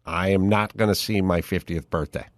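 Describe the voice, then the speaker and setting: A man's voice: low voice, steady tone, normal speed, no room sound. Man, podcast host, wry, offhand, speaks in fragments, dry close recording. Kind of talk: casual podcast chat.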